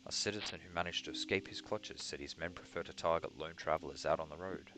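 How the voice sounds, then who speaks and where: A pompous young knight lieutenant, read aloud by a man speaks in a low, formal, slightly halting voice. He stumbles now and then over his own words. Guitar music plays clearly behind him. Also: a bit bright. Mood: stiff.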